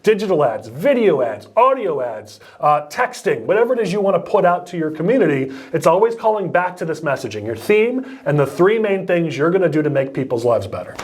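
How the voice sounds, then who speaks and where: A man with a slightly high-pitched voice gives campaign advice in a blunt, emphatic way. He speaks in short, punchy lines. It sounds like an advice chat for a video. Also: big pitch swings, fairly quick, few pauses. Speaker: political campaign consultant.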